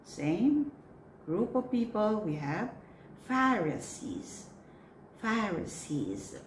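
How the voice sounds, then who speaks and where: A woman coaching church readers on pronunciation. She says each word slowly and clearly, then repeats it. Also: mid-range voice, big pitch swings. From Philippines. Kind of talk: pronunciation drill, slow and repeated. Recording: echoey room with faint noise.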